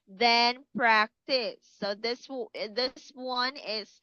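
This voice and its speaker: A woman teaching English to young children, speaking slowly and clearly and encouraging them to repeat words. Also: fairly high pitch, fairly even intonation, bright, forceful tone, no echo, dull audio. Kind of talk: online class for kids.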